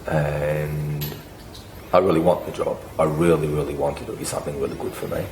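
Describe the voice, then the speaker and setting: A man with a very deep, hoarse voice from laryngitis plays a client in a therapy role-play. He speaks haltingly, with many pauses and restarts. The sound is echoey, with clear background noise. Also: level tone, a little mellow. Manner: hesitant, with many ums and restarts. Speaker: workshop volunteer playing a client.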